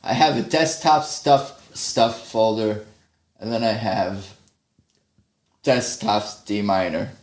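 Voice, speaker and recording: A man's voice: lowish voice, slow, reverberant. Rambling man chatting on a livestream. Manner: rambling, thinks aloud, self-deprecating. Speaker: livestream host. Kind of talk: casual livestream chat while practicing guitar. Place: home practice room. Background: guitar playing.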